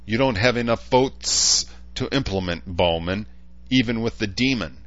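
A man's voice: lowish voice, a bit bright, dry recording, dull audio, pitched above the performer's own voice, close to an everyday voice. A man doing a dry, sardonic council elder. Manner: dry and deliberate.

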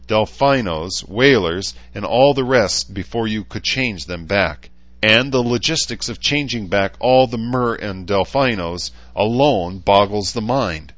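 A man's voice: fairly low pitch, a bit bright, dry recording, dull audio, voice pushed up. A man doing a dry, sardonic council elder. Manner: dry and deliberate.

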